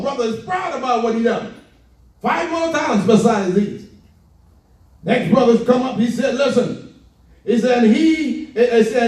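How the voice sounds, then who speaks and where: A man's voice: very high voice, dark tone. A man preaching a sermon as pastor, speaking straight to his congregation and drawing out his words for emphasis. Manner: preaching with drawn-out emphasis and direct address. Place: church hall. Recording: echoey hall from far off.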